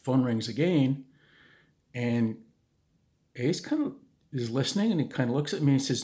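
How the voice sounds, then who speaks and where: A man's voice: mid-range voice, animated, moderate pace, long pauses, mellow. A man telling a true story in a casual, conversational way, with restarts and asides.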